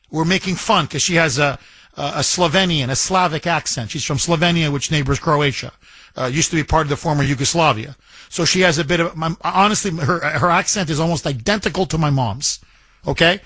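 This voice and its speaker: A man's voice: on the high side, sharp tone, dry recording. A man hosting a talk radio show from a studio, delivering a combative, emphatic monologue and taking calls. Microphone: studio microphone.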